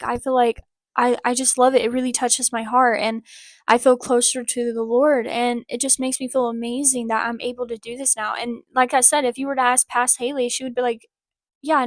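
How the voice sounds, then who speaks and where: A woman's voice: fairly high pitch, no echo, studio quality. A woman vlogger giving a casual personal update to her viewers, earnest and encouraging, rambling with lots of "like" fillers.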